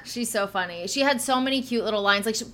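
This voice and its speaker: Bright-voiced chatty woman. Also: fairly high pitch, slight background noise. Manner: chatty, quick asides, laughs often. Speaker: podcast co-host. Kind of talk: casual recap chat.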